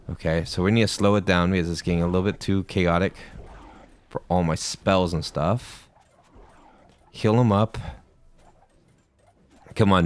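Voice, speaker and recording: A man's voice: sits low, no echo. A man giving playful gameplay commentary, talking to himself and cracking corny jokes as he plays. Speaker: gaming YouTuber.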